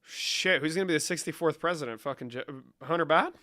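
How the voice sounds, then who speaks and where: This comedic creator's voice sits on the high side, fast and sharp-toned. In his comedic screen-share vlog he rambles on with profane, mock-serious banter.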